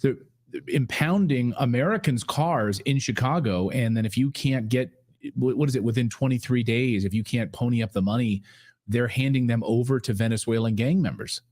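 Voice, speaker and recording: A man's voice: mid-range voice, normal speed, darkish tone. A man hosting a political talk stream, speaking in an emphatic, warning tone. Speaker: show host.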